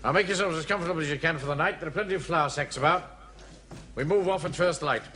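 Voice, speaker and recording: An actor playing a pompous, bossy middle-aged captain who gives orders. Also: male voice, on the high side, quick pace, natural voice. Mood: commanding. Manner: pompous, commanding. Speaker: platoon captain. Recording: noisy old television audio.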